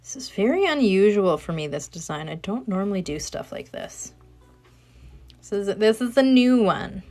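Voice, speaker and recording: A woman in her thirties with a soothing voice, chatting casually and rambling softly while she crafts at home, speaking into a phone. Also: mid-range voice, sing-song, moderate pace, faint music behind. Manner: chatty, rambling, soft-spoken. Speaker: craft livestreamer.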